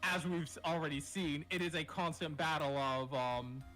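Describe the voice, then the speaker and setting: A man's voice: a little high, fairly even intonation, moderate pace, a bit bright, faint music behind. A man co-hosting a game playthrough, chatting casually and swearing now and then. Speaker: let's-play co-host. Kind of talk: casual chat while playing a game.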